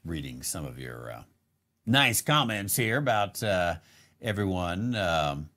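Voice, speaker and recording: A man's voice: low voice, sing-song, slow pace, pushed and bright. A man hosting a casual live question-and-answer show, rambling with many fillers and restarts and chuckling now and then. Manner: chuckles between remarks. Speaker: host answering viewer questions.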